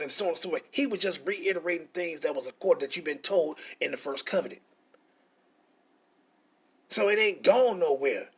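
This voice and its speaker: A man's voice: on the high side, normal speed, creaky, husky. A middle-aged man, teaching scripture in a frustrated, profane, repetitive way. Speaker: preacher.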